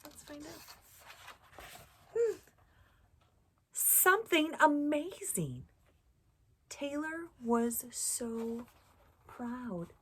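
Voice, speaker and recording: Storytime lady reading to little kids, slow, breathy, lots of ups and downs, asks them questions. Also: high-pitched, sing-song. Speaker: children's storytime host. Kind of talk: read-aloud storytelling for children.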